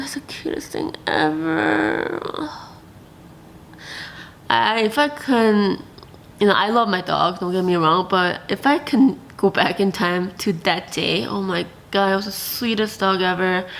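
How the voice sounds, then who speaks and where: A woman vlogger telling a personal story to the camera in a chatty, animated way, full of fillers and quoted asides. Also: mid-range voice, a little hiss or hum.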